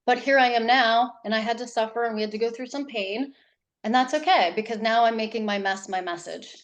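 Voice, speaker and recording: Woman, parenting coach, interview guest, animated, rambling, restarts often. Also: on the high side, fairly quick, muffled recording. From New Hampshire. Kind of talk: casual interview talk.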